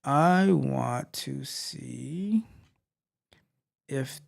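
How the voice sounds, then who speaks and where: A man coaching on tech during a live coding walkthrough, thinking aloud with halting restarts and trailing off. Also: medium pitch, expressive, vocal fry.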